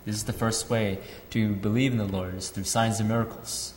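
A man's voice: lowish voice, steady tone, a little fast, slight background noise. A man interpreting a sermon phrase by phrase, with fillers and restarts as he translates on the spot. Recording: echoey hall with faint ambience.

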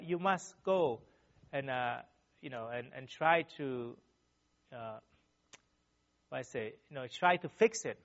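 A man's voice: sits high, fairly bright tone. A man giving a sermon through personal stories, earnestly and animatedly, tagging almost every sentence with a questioning "right?". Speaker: church speaker. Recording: dull, lo-fi sound.

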